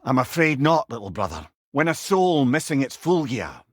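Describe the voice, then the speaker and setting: Wry, counseling sidekick head for game lines, animated delivery, dry studio sound. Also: male voice, mid-range voice, moderate pace, dry recording. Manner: familiar, calls listener brother and lad. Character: wise, wry older male advisor, a talking head. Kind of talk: video game voice acting.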